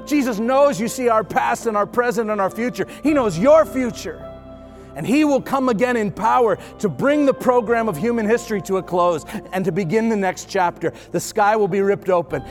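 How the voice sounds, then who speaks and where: Guy preaching, kinda high voice, builds up with repeated lines, soft music under it. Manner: preaching with rising intensity and repetition. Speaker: pastor. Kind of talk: sermon.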